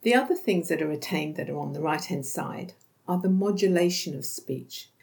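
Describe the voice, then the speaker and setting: A woman hosting an educational podcast on dementia care, explaining calmly and acting out sample dialogues. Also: low voice, normal speed, vocal fry.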